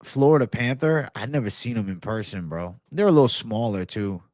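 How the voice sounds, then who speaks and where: Young male MMA stream host, laid-back bro talk with profane outbursts, mid pitch, dead-dry room. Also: lively intonation, a little fast, darkish tone, no room sound. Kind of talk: casual livestream chat reading comments.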